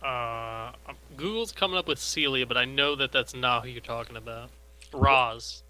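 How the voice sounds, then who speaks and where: A man's voice: mid-range voice, normal speed, sharp tone, clean tone, rough recording. A man co-hosting a casual podcast, dropping dry, joking asides. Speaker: podcast co-host.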